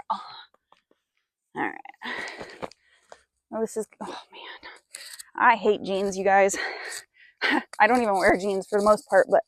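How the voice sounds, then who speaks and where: A woman horse trainer talking through a training session on a clip-on mic, chatting to viewers and cooing praise to her horse. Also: medium pitch. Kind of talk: mic'd-up training commentary. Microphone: clip-on mic while working a horse.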